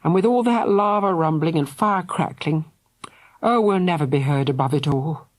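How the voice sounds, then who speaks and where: A woman with a low, natural voice at normal speed performs an audiobook character: a brave, bossy young girl urging her little brother on. The mood is urgent, delivered with breathless bossiness.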